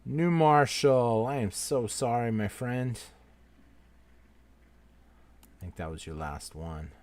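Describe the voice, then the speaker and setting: A man's voice: medium pitch, slow, a little hiss or hum. A man hosting a live-stream giveaway, calling out names one by one and apologizing to each in a casual, friendly way. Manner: apologetic, repeating "so sorry, my friend" to each name; swings between loud call-outs and quiet asides. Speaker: livestream host running a giveaway.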